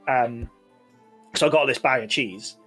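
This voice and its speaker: A man's voice: medium pitch, measured pace, pushed and bright, soft background music. A man, co-hosting a podcast and telling a rambling story full of fillers. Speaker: podcast co-host. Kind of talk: casual chat.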